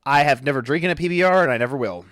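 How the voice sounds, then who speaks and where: Podcast guy rambling and tripping over his words, kinda high voice, dry close sound. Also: rapid-fire, a bit bright, dry recording. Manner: rambling, self-correcting, stumbles over words. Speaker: podcast co-host. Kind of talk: casual chat.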